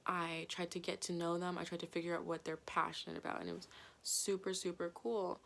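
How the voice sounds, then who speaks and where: A woman's voice: lowish voice, little pitch movement, brisk, gravelly, fairly bright tone. A woman in her twenties, a vlogger telling a story to her camera in a rambling, casual way, full of fillers and casual swearing. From Canada. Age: 20s. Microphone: compact camera mic.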